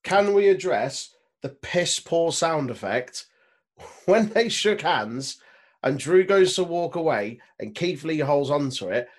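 A man's voice: a little high, lively intonation, slow. A man co-hosting a podcast in casual chat, laughing often and mocking what he watched with put-on quotes. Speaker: podcast co-host.

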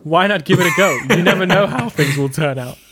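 A man's voice: sits high, brisk, over a noisy crowd, lightly acted. A man reading a listener comment in a put-on voice with a wandering, mixed accent that sounds slurred and a little drunk. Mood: mock-earnest.

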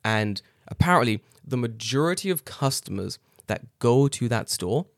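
A man's voice: mid-range voice, moderate pace, dry recording, clean studio sound. English man telling stories casually. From England. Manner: swearing, animated storytelling with laughs. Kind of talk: casual chat. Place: living in Japan.

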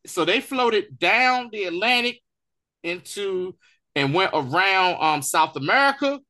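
A man's voice: high-pitched, measured pace. A man co-hosting a TV review podcast, retelling scenes in casual slang and acting out the characters' lines. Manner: animated storytelling, acts out quotes. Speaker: co-host of a TV review show. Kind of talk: casual recap chat.

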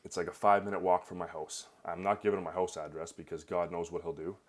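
Brief: young Canadian man, deep voice, rattles off an anecdote quickly. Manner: rambling, filler-heavy, animated. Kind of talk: casual personal storytelling.

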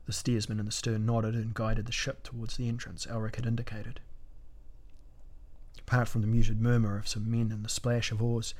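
A man narrating a fantasy battle story in a measured, dramatic audiobook reading. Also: on the low side, monotone, a little mellow.

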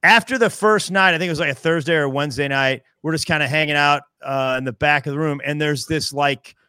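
A man's voice: on the high side, fairly quick, clear, resonant tone, no room sound, studio quality. A man in his fifties from the American Midwest, a comedian telling stories in casual chat and acting out the dialogue. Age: 50s. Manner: animated storyteller acting out dialogue in other voices. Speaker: guest comedian.

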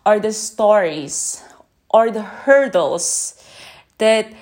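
A woman who is not a native English speaker, talking slowly and gently in an unscripted podcast recorded on her phone, often checking in with "yeah?". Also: medium pitch. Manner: slow, gentle, reflective, asks listeners "yeah?". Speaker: podcast host. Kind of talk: unscripted reflective podcast talk.

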